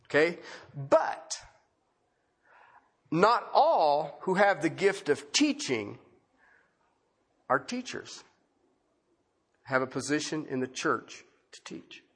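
A man's voice: a little high, sing-song, slow pace, long pauses, a bit bright, breathy edge. A male preacher giving a conversational sermon, asking rhetorical questions and repeating key phrases.

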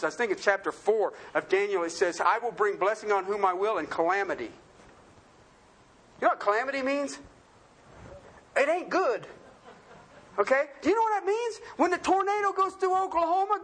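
High-voiced folksy preacher. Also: male voice, a bit bright. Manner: folksy, joking, asks the room questions. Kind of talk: sermon.

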